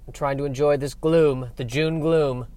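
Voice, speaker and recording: A man's voice: fairly high pitch, steady tone, moderate pace, warm tone, slight background noise. Wry man musing to camera outdoors. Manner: wry, self-deprecating, rambling with restarts. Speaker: vlogger and stand-up comic. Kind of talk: casual musing monologue.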